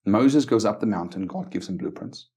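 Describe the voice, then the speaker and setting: A man's voice: on the low side, animated, normal speed, dark tone, husky. A man from South Africa, a guest on a faith podcast, telling stories earnestly, often stumbling over repeated words and checking in with "right?". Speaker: missions base leader, guest. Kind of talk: conversational storytelling interview.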